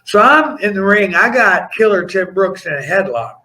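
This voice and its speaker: In a casual interview on a podcast, the middle-aged former professional wrestler shares animated, rambling stories and keeps breaking off to begin sentences again. He speaks at a moderate pace in a slightly high, bright, forceful voice, and the recording quality is rough.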